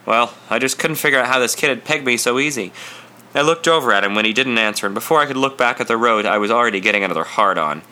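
A man reading a first-person story aloud in an intense, confessional, measured narration. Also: mid-range voice, bright, forceful tone. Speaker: audiobook reader.

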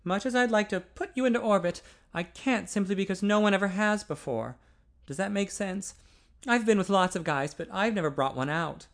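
A man voicing an intense, earnest young man. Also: moderate pace. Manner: urgent, pleading, higher and louder than the narration.

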